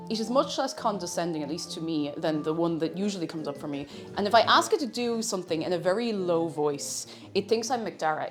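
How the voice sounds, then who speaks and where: A woman live-streaming from her home kitchen, chatting casually as she cooks and reading chat messages aloud. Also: fairly low pitch. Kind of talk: casual chat while cooking. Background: faint music.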